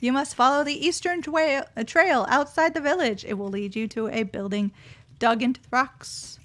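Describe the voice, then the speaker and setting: A woman voicing a weary old male goblin who protects the heroes, with a slow, grave delivery. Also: high voice, a bit bright.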